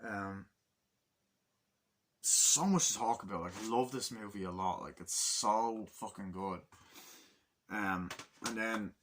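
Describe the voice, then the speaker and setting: A man's voice: lowish voice, slow pace, long pauses, fairly bright tone, a little hiss or hum. A man giving a casual, rambling movie review, full of swearing and filler words. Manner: rambling, profane, acts out scenes in quoted voices.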